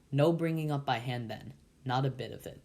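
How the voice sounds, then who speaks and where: A pompous older uncle holding forth at dinner, read by a man in his own mid-pitched voice. He lectures and scolds in a bossy, self-important way, as in a storybook read aloud. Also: a little mellow, slightly rough.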